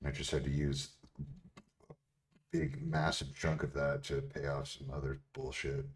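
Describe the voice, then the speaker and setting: A man's voice: extremely low pitch, completely flat delivery, unhurried. A young man chatting casually on a livestream, blunt and full of profanity as he answers questions from chat. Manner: profane, blunt, laughs often.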